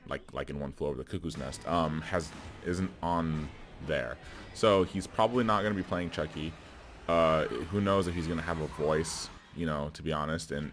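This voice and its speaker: A man's voice: sits low, fairly bright tone, slight background noise. A man talking casually to camera about a film, rambling with many fillers and restarts and chuckling between remarks. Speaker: video creator. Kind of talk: casual movie commentary.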